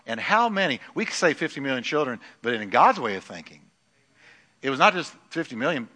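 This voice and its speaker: A middle-aged man preaching a sermon in a church, swinging from loud declarations to hushed lines. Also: medium pitch, sing-song, brisk. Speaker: pastor. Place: church sanctuary. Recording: long hall reverb.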